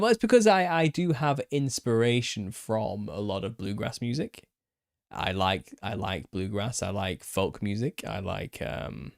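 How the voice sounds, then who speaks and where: Low-voiced Northern English man chatting. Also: creaky, no echo, clean studio sound. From England. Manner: relaxed, rambling, chuckling, answers viewer comments. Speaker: channel host. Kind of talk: casual live-stream Q&A.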